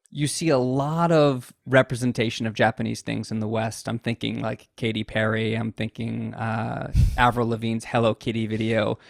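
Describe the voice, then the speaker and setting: A man hosting a casual discussion, talking in a thoughtful, measured way with frequent restarts. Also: medium pitch, gravelly, no echo, clean studio sound.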